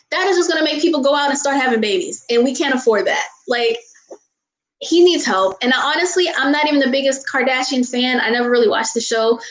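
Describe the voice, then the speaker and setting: A woman's voice: high voice, echoey room, low-quality recording. An American woman vlogger chatting casually with viewers, ranting in exasperation, laughing and apologizing often. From United States. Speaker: vlogger answering viewer questions. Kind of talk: casual chat.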